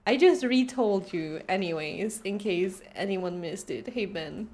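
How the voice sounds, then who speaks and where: A woman's voice: medium pitch, unhurried. A woman streaming a video game, chatting casually and giggling often. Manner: giggly, animated.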